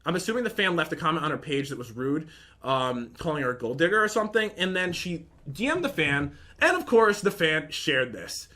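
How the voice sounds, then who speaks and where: A man's voice: fairly high pitch, very animated, a little fast, bright, forceful tone. A young man in casual commentary, rambling and aggrieved as he reads out and picks apart messages from an ex. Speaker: vlogger.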